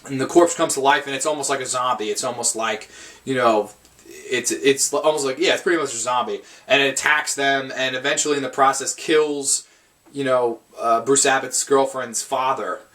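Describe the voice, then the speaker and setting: A man's voice: mid-range voice, steady tone, normal speed, fairly bright tone. A man giving a casual, rambling film review, swearing often and restarting his sentences. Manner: rambling, profane, frequent restarts.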